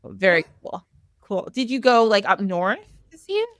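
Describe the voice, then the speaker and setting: Bubbly woman podcast host, lively pitch. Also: moderate pace, no echo, studio quality. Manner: bubbly, giggly, animated. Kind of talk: casual podcast interview.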